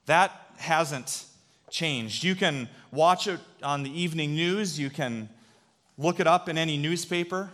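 A man preaching to a congregation, spinning a childhood story with animated energy. His voice sits a bit high for a man. It carries a long reverb, as if in a large hall. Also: a little slow. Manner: animated storyteller, drops to a hush for quoted voices. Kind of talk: sermon storytelling.

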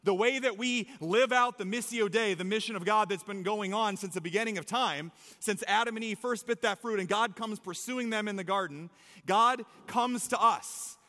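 Brief: energetic male pastor, high, bright tone, playful emphatic preaching, long hall reverb. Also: normal speed. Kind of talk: sermon. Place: church stage before a congregation.

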